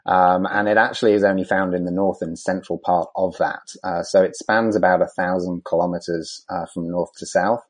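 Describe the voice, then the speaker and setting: Very deep-voiced man with halting speech. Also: fairly even intonation. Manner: hesitant, many ums and restarts. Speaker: conservation scientist guest. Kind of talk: interview answers.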